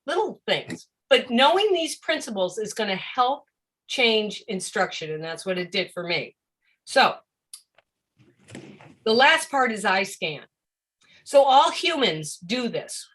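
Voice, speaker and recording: A woman with a bright, fairly high voice gives a live-streamed lesson on reading for deaf children. She talks in an animated way and often slips into the voice of a puzzled child. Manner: animated, acts out a confused child's voice. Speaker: educator of deaf students.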